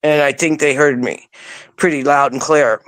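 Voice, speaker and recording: Here a woman speaks low at a normal speed, no echo in the room. She's being interviewed and shares a personal anecdote casually, getting animated as she performs the words she once said.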